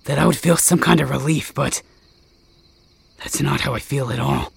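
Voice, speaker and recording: A man voicing a brash, cursing young male werewolf in a fan audio drama, with a gravelly voice. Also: mid-range voice, normal speed, full character voice. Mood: bitter. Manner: brash, curses, snaps at people.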